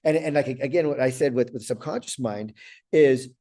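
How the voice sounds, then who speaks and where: A man's voice: mid-range voice, normal speed, mellow. A middle-aged man giving a motivational coaching talk, earnest, often repeating words and checking in with "right?". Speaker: life coach.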